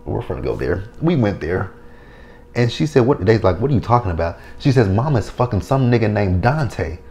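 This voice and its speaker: Male reviewer with a low voice; lively, foul-mouthed casual recap. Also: normal speed. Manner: animated, profane, acts out the scenes with quotes. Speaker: TV episode reviewer.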